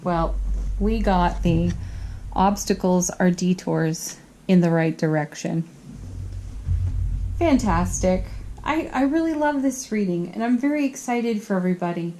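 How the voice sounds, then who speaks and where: Slow, soft-spoken giggly tarot reader woman. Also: fairly low pitch, lively intonation, a little hiss or hum. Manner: soft, earnest and giggly, often laughing at herself. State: tired. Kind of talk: spiritual card reading to camera.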